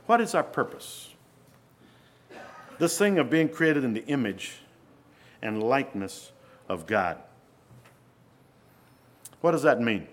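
A man preaching a sermon in an earnest way, often asking his listeners rhetorical questions. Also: mid-range voice.

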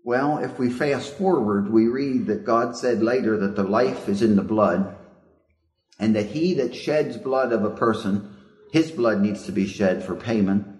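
A man's voice: on the low side, measured pace, darkish tone. Reflective male preacher in a roomy hall. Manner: reflective, asks the listeners questions. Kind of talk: sermon.

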